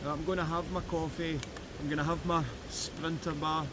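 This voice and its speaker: A man's voice: fairly high pitch, flat delivery, normal speed. A Scottish man giving a jokey running commentary on his metal-detecting vlog, filmed outdoors in the woods beside a river. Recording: noisy outdoor recording with river. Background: flowing river.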